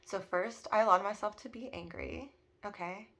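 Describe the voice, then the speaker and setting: Bright-voiced earnest woman in her thirties. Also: mid-range voice, moderate pace, creaky. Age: 30s. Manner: earnest, emotional, many fillers. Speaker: spiritual vlogger. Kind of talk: personal reflective monologue.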